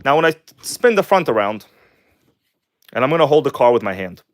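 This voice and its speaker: A man hosting a casual live stream, chatting excitedly with viewers and reading their comments aloud. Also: medium pitch, fairly quick. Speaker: RC car livestream host.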